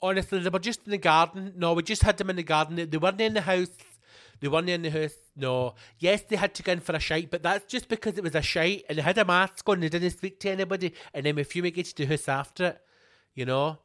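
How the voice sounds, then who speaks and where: A man's voice: sits high, fast, fairly bright tone. A man with a Scottish accent mimicking a defensive woman who rambles through excuses about breaking lockdown rules. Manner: rambling, defensive, self-justifying.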